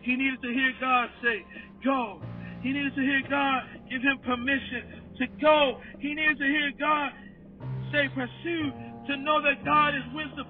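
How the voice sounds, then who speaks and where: A man preaching a sermon, moving from steady teaching into shouted, tearful exhortation and worship cries. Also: very high-pitched. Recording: tinny phone-like sound with music behind.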